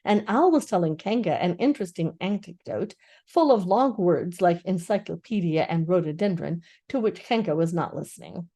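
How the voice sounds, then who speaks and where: An older woman, a grandmother, reading a children's book aloud with expressive storytelling. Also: on the low side, moderate pace.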